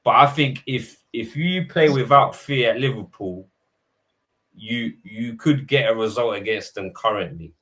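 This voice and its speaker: A man, talking football casually on a podcast. He is animated and slangy and keeps acting out his own reactions. His voice sits at a middling pitch. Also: a little slow. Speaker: podcast panelist.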